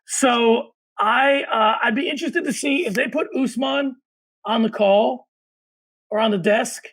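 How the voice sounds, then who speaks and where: A man's voice: very high-pitched, measured pace, fairly bright tone, poor audio. A man co-hosting a casual sports podcast, giving opinions and moving the segments along. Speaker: podcast co-host.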